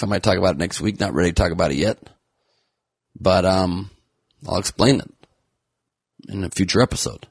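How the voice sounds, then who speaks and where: A man's voice: deep voice, vocal fry, breathy edge, no echo, clean studio sound. A man who is a comedian hosting a podcast, delivering a sarcastic, rambling news monologue full of jokey wordplay.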